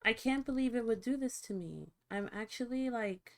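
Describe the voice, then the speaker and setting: A woman streamer chatting casually to her viewers, swearing freely and reacting out loud while she fiddles with settings. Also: on the high side, lively intonation, moderate pace, hardly any pauses. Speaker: livestreamer. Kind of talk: casual livestream chat.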